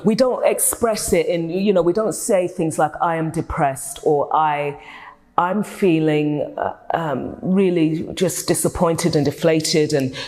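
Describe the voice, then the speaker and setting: A woman's voice: on the low side, a little mellow. A woman, a therapist being interviewed, speaking in a thoughtful and earnest way with frequent restarts. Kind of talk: reflective interview talk.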